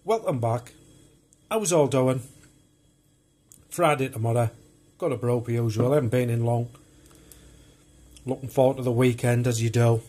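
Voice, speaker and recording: Warm and slightly breathy, a man's medium-pitched voice moves at normal speed with long pauses. He casually presents his film collection on video, chatty, rambling, and unpolished.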